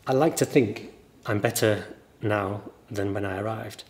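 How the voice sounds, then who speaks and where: A man with a mild northern English accent, a teacher giving a relaxed guest interview and telling stories thoughtfully at length. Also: lowish voice, unhurried, slight background noise. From northern England. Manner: thoughtful, anecdotal, explains at length.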